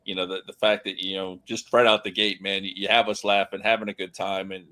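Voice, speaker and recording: Earnest man co-hosting, bright voice. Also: sits low, flat delivery, fairly quick. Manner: earnest, rambling with many fillers. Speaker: podcast co-host. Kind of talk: casual podcast hosting.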